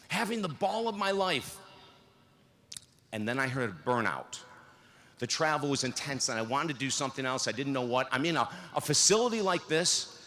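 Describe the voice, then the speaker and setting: A man in his sixties giving a commencement speech, telling stories and acting out the dialogue in them. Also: on the high side. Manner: storytelling, animated, acts out dialogue. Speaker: convocation speaker. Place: large field house.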